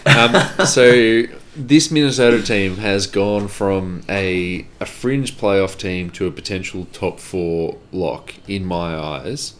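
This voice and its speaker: A man with a very low voice leads a casual sports chat. He keeps it jokey and loose, padding his points with ums and likes. A faint noise hums under the recording. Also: slow, hardly any pauses. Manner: joking, filler-heavy, drives the rundown. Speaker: podcast co-host.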